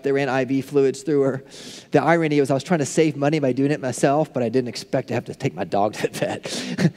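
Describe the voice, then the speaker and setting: A male pastor preaching a sermon, building to impassioned peaks and then falling to hushed, soft prayer. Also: on the high side, big-room sound. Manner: impassioned, rising to near shouts then dropping to hushed tones.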